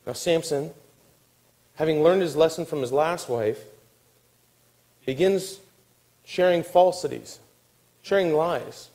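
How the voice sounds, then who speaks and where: A man preaching a sermon, telling a story with acted-out quotes and dropping to a hushed, weary tone. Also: a little high, slow, pauses often, poor audio. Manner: animated storytelling, acting out quotes, dropping to a soft hush. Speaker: pastor.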